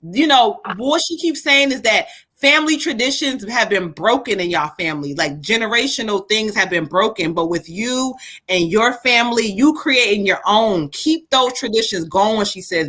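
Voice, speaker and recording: A woman giving a live tarot reading, animated and folksy as she relays spirit messages. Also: mid-range voice, moderate pace. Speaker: psychic reader.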